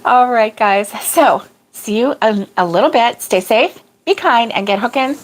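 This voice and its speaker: A woman's voice: fairly high pitch, unhurried. A middle-aged woman hosting a crochet livestream, chatting casually, chuckling and answering viewer comments as she goes. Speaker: crochet channel host.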